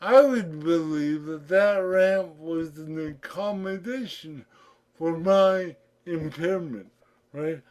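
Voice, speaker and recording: A middle-aged man telling his own story in slow, effortful speech shaped by cerebral palsy, candid and reflective. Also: on the high side, darkish tone. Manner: candid, reflective, breaks into laughter. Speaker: podcast guest. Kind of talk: personal storytelling.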